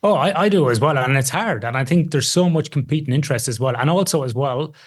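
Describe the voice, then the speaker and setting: An emphatic man in a relaxed podcast chat, talking with lively, animated energy. His voice sits in a middle pitch, and he leans hard on his points with a dash of self-deprecating humor. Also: quick pace, breathy edge. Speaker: sleep researcher guest. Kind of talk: casual podcast conversation.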